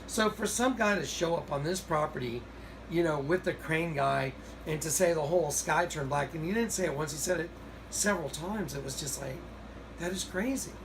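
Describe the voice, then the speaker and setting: Excited man telling a story, noisy recording. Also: fairly high pitch, moderate pace. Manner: excited, rambling storytelling with restarts. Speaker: video host. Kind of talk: casual recorded monologue.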